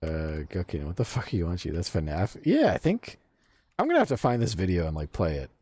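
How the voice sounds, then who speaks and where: A man's voice: deep voice, huge pitch swings, fairly quick, a little mellow, husky, no echo. A man streaming a game and casually chatting with his viewers, swearing freely and laughing often. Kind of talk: casual game livestream chat, reading chat aloud.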